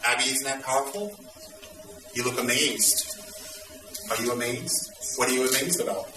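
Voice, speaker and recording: A man teaching Buddhist students in an intense, dramatic way, at times breaking into loud exclamations. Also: mid-range voice, normal speed, roomy sound, far from the mic, heavy background noise.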